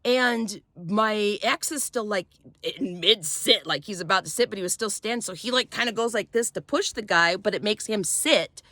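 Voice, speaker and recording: A woman vlogger telling a personal story in a halting, rambling way with many fillers, shaken as she recounts a frightening event. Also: mid-range voice, sharp tone, dry recording. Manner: shaken, tense when recounting fear.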